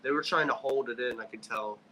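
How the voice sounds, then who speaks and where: A man's voice: medium pitch, a little fast, noisy background. A man co-hosting a wrestling review podcast, talking in an emotional, rambling casual chat. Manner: emotional, rambling, restarts a lot. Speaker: wrestling show co-host.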